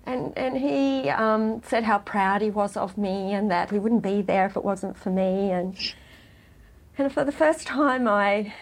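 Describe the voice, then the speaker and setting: A middle-aged woman, a podcast guest, telling her story in a heartfelt, halting way with frequent restarts. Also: a little high, husky. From Australia. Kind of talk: emotional personal interview.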